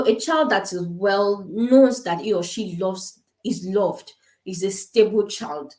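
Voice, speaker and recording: An African woman gives parenting advice in a quick, emphatic, informal way and circles back to repeat her points. Her voice sits at an ordinary pitch for a woman. The room around her is echoey, as if she is recording to camera in a bare space. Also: darkish tone. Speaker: parenting speaker.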